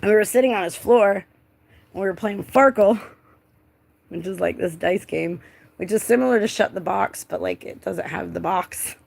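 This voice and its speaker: Young woman, casual storytime, gravelly fry, loose rambling delivery with constant fillers and cursing. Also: mid-range voice, normal speed, darkish tone. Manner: rambling, heavy filler "like", frequent swearing.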